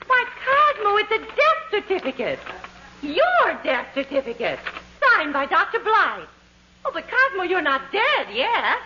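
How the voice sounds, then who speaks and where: An actress playing a fussy, doting wife who gushes and weeps, in 1940s radio comedy acting. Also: female voice, very high voice, very animated, measured pace, full character voice. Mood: fussing. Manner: gushing and tearful. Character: fussy, doting middle-aged wife, given to weepy melodrama. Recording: dull, lo-fi old radio broadcast with faint hiss.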